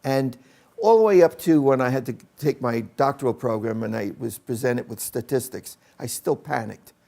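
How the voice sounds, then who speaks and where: Older male educator, gravelly voice, relaxed anecdotal storyteller. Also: mid-range voice, normal speed. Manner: anecdotal, with acted-out quotes. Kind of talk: personal storytelling to camera.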